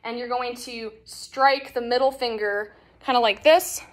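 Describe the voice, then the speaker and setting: A young woman with a slightly high voice teaches a nursing assessment as she demonstrates on a partner. She talks in a casual, explanatory way, full of fillers and quick restarts. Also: fairly even intonation. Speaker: nursing instructor. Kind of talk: demonstration lesson.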